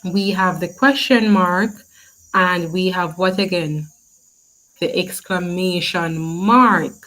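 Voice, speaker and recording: A woman's voice: on the low side, fairly bright tone, poor audio. A woman teaching a grammar lesson, asking questions and praising the class often. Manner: slow, encouraging, asks questions and praises.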